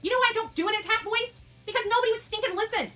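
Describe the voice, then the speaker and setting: A woman in her forties ranting on a livestream, loud, emphatic and combative. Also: very high-pitched, racing, soft background music. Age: 40s. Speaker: online streamer. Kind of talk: indignant livestream rant.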